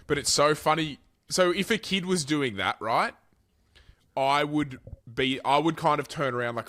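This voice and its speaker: A young Australian man telling a story on a podcast, animated and sweary, his voice swinging between loud and quiet. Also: mid-range voice, fairly quick. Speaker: podcast co-host. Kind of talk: casual storytelling chat.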